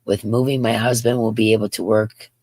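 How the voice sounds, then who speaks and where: A woman in her fifties hosts a crochet livestream, rambling casually and reading viewer comments aloud. Her voice rumbles low and a little mellow, with little pitch movement, a slightly fast pace, and no echo.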